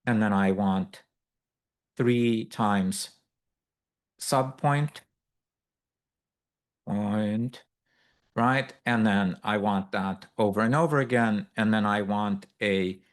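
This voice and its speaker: A man teaching a live workshop, walking through a software demo in a loose, explanatory way with many fillers and asides. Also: fairly low pitch, takes it slowly, long pauses. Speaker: workshop instructor. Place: workshop room with a live audience.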